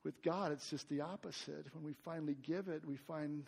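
A man preaching a sermon as pastor. He gets louder and higher when stressing a point, then drops to a soft, quiet tone in prayer. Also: fairly even intonation, a little fast, gravelly, husky.

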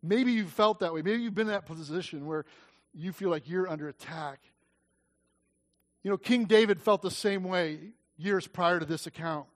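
A man preaches to his congregation in a church, his voice sitting unusually high. He is impassioned, pushing phrases out loudly and repeating them for emphasis, then dropping to quiet, close asides. He keeps asking the room rhetorical questions. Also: normal speed. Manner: impassioned, swings from loud emphatic peaks to quiet intimate asides. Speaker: pastor. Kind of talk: sermon.

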